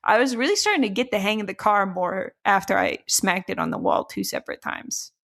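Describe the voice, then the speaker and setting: A young woman co-hosting a comedic sports podcast, animated, laughing often and swearing casually. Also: medium pitch, brisk, gravelly. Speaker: podcast co-host.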